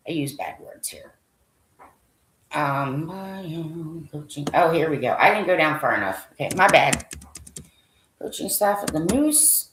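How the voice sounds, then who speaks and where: A woman's voice: low-pitched, roomy sound, a little hiss or hum, rough recording. A woman vlogger thinking aloud as she browses a website, rambling with lots of fillers and sometimes dropping to a whisper while she reads items off a list. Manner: drops to a whisper when reading lists.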